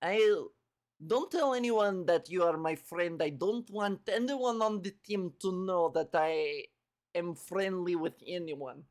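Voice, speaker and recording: A woman voicing a brooding, standoffish young superheroine with a put-on Russian accent, in a gruff, clipped way. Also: fairly low pitch, unhurried, darkish tone, natural voice. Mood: gruff aloof.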